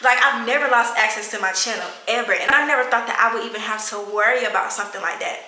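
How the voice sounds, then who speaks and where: A nineteen-year-old woman telling an emotional storytime vlog from her bedroom, animated and fast-rising when she quotes herself. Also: fairly high pitch, roomy sound. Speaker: YouTuber.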